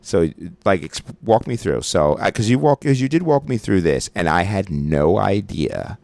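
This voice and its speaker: Very deep gravelly man, casual and joking. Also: lively intonation, moderate pace, darkish tone, dry recording. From Brooklyn, New York. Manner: loose, joking, swears casually. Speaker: podcast co-host. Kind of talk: casual chat. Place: radio studio. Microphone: studio mic.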